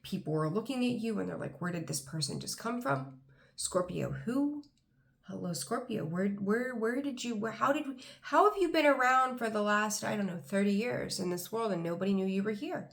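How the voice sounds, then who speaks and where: Gravelly-voiced woman tarot reader. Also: mid-range voice, normal speed. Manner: rambling, enthusiastic, frequent ums. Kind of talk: casual tarot reading to camera.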